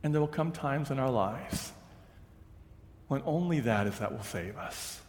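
A man, a pastor, preaching a sermon with slow, emphatic repetition. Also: mid-range voice, animated, darkish tone, slight background noise. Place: church sanctuary. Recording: church hall reverb.

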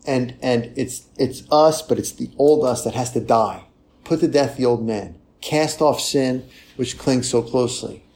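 A man preaching in a loose, conversational way, with a gravelly edge to his voice that sits at a middling pitch. He keeps checking in with his listeners and drops into a hushed tone when he acts out a penitent's words. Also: a little slow. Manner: lively and conversational, often tagging "right?". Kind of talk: sermon.

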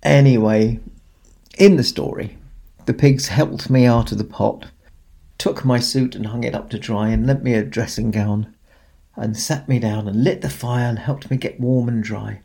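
A man telling a children's story in a gentle, expressive way, with dramatic pauses. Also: mid-range voice, gravelly, husky. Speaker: storyteller in a Santa persona.

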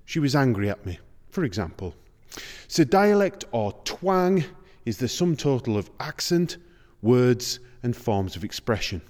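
A man hosting a podcast in measured, explanatory scripted narration. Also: mid-range voice, big pitch swings, a little mellow. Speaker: podcast host. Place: large circular museum room. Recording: reverberant space.

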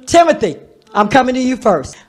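Radio host, woman, very high-pitched, teasing and quick to laugh. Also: very animated, a little mellow. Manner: playful, teasing, laughs often. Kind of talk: lively radio show chat with kids.

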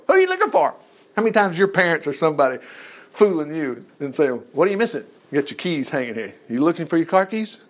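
A man with a fairly high voice preaches to his congregation, reading scripture and then breaking off into casual asides. His pitch swings widely as he moves between verse and commentary.

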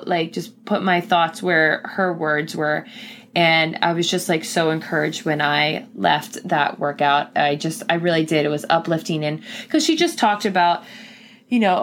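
A young woman, pregnant, talking casually and earnestly as a podcast host, with lots of filler words. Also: fairly low pitch. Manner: chatty, earnest, many fillers. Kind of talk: casual personal talk.

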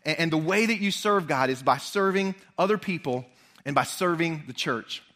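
High, bright-voiced male preacher. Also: normal speed. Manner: animated storyteller, speaks straight to the congregation. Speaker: pastor. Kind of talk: sermon.

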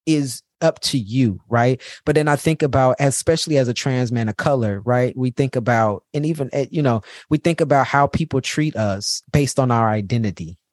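A man speaks candidly and from the heart in a personal podcast monologue, leaning on repeated phrases for emphasis. His voice sits at an ordinary middle pitch. The sound is dry and close, with no room around it. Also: moderate pace, hardly any pauses, no room sound. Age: adult parent. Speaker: podcast host.

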